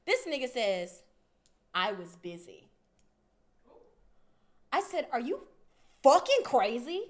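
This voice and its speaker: Female podcast co-host, slightly high voice, animated and profane storyteller. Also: slow pace. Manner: animated, profane, acts out both sides of arguments. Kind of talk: casual storytelling.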